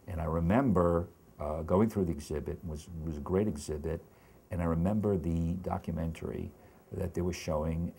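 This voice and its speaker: An older man giving an oral history interview, speaking in a halting, reflective way with many restarts. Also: a bass voice, darkish tone, a little hiss or hum.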